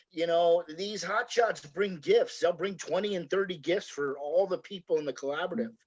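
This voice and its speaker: A man's voice: high-pitched, poor audio. A middle-aged man from the United States, a woodworker chatting casually on a video call, rambling like a folksy storyteller and often restarting his sentences. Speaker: woodworker guest.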